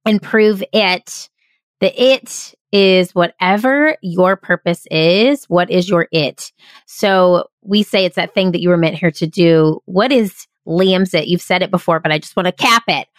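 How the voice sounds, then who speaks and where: A woman's voice: lowish voice, a little slow, no echo, clean studio sound. A woman hosting an interview podcast, talking in an effusive, enthusiastic way. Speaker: podcast host. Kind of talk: casual interview chat.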